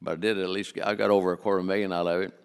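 Older man, guest preacher, low gravelly voice, folksy humor. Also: little pitch movement, racing, in a large hall. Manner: folksy, joking, full of restarts. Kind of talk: sermon on giving. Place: church sanctuary.

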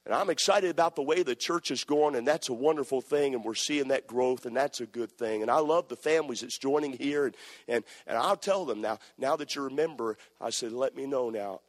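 Male pastor, impassioned sermon, mid pitch, long church-hall reverb. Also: brisk. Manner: impassioned preaching, swings from shouting to quiet storytelling. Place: church sanctuary.

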